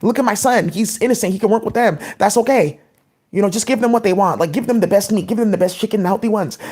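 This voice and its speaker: Woman vlogger, fast rambling monologue, filler-heavy, mid-pitched. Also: mellow, slightly rough. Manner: rapid, scattered, many "like" fillers.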